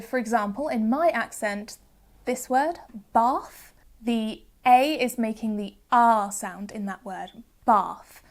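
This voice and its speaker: A woman with a Southern English accent presenting a phonics lesson, carefully sounding out words. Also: on the high side. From Southern England. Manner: clear, careful modelling of sounds. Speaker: phonics teacher. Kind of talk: educational video presenting.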